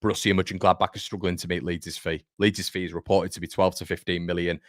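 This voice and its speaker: Chatty deep-voiced man talking football. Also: little pitch movement, fast, fairly bright tone, no echo, studio quality. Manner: chatty, emphatic, joking asides. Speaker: fan channel host. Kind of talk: casual football commentary to camera.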